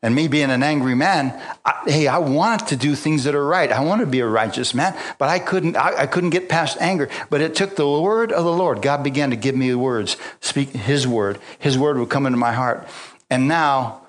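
A man's voice: medium pitch, moderate pace. A man preaching a sermon, mixing scripture with personal stories, frequent hallelujahs and call-outs to the congregation, and chuckling often. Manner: swings between loud exclamations and quiet asides. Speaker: pastor.

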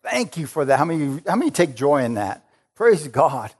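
A man's voice: on the high side, normal speed, husky. A middle-aged male pastor preaching a sermon, emphatic and conversational, often asking the congregation for an amen. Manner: emphatic, calls for amens, acts out Jesus with excitement.

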